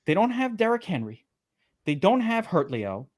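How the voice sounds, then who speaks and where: Animated New man, high and lively. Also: normal speed, dry recording, clean studio sound. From Brooklyn, New York. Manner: animated, profane storyteller. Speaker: sports betting podcast co-host. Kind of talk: casual chat.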